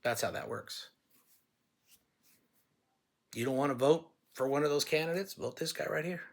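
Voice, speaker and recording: A man's voice: on the high side, moderate pace, gravelly. A man running for office, speaking straight to listeners in a blunt, folksy way and telling stories to make his point. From California. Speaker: political candidate. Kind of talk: campaign talk to listeners.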